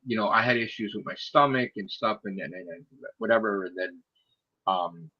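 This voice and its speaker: A man telling a story in casual chat, swearing a lot and acting out the people in it, sometimes shouting. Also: lowish voice, moderate pace, husky, dull audio. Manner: animated, profane, acts out quoted people in raised shouting voices.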